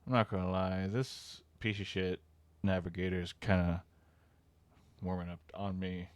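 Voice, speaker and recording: Low-voiced man riffing on a stream. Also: level tone, a little slow, dry recording. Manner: reads panels aloud and reacts with loose, profane commentary. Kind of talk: casual live-stream reaction and reading aloud.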